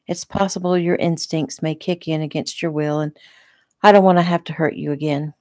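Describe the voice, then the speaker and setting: A woman reading the part of a menacing male attacker who speaks calmly and quietly in an audiobook. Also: low voice, normal speed, no echo, studio quality, close to an everyday voice. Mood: cold coaxing. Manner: calm, coaxing, quietly threatening. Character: menacing male attacker, soft-spoken and cold.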